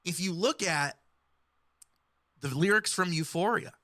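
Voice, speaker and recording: A woman giving explanatory commentary in a video, speaking in a measured, analytical way. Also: on the low side, fairly bright tone, dry recording, studio quality. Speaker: music commentator.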